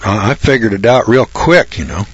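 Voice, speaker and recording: A man's voice: lowish voice, expressive, moderate pace, slightly rough. A man preaching a folksy Bible sermon, blunt and colloquial. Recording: dull lo-fi recording.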